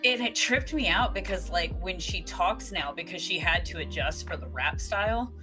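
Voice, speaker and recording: A woman from the American South with a light Southern twang, a chatty storyteller who is quick to laugh in casual conversation. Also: fairly low pitch, music in the background, low-quality recording. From Southern United States. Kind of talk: casual chat.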